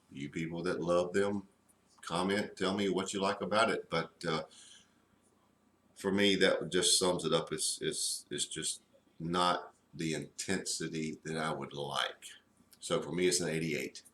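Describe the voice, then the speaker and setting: A man reviewing a cigar in a slow, halting way with many fillers. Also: deep voice, steady tone, fairly bright tone, roomy sound. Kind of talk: casual review.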